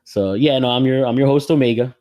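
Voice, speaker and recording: A man hosting a casual podcast chat, relaxed and rambling, laughing often. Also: medium pitch, a little fast, no room sound, clean studio sound. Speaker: podcast host.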